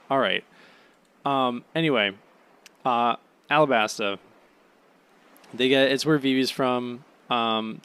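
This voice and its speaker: A sleepy, yawning man hosting a podcast, rambling through a casual solo recap with lots of "um"s and swearing, now and then bursting into high, excited gushing. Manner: rambling, offhand, peppered with swearing and "um"s. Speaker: podcast host.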